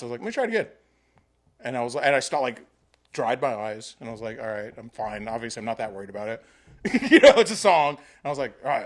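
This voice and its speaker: A man in casual conversation who rambles through his stories and swears freely. His pitch sits in an ordinary middle range. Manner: rambling, profane storytelling. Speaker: podcast host. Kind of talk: casual chat.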